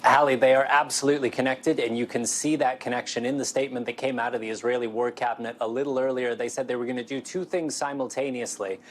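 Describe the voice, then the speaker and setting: Measured male foreign correspondent. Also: mid-range voice, fairly even intonation, slight background noise. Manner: measured, clear reporting delivery. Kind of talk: live news report.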